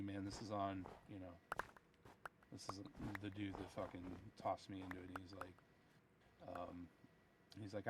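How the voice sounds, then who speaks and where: A tired man, a software developer, ranting about work with heavy swearing in a casual voice-chat conversation. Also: low voice, noisy background. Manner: profane, ranting, retells dialogue. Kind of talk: casual chat over voice call.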